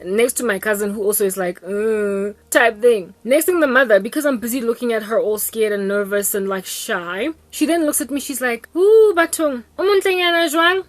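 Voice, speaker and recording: A young South African woman vlogger telling a story in an animated, chatty way, recorded at home on a close mic. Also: medium pitch, brisk, hardly any pauses, no room sound. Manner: animated, code-switching, chatty. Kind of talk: storytelling monologue.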